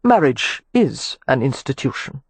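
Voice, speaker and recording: Confident male lead, calm and reasonable, read by a woman narrator; husky, dry. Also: deep voice, normal speed, dry recording. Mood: steady. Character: calm, confident young man, Cam, a romantic lead.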